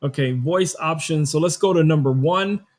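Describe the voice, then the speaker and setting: A man's voice: fairly high pitch, normal speed. A man hosting a casual live-stream tech demo from his studio, chatty and thinking aloud as he works. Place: home studio.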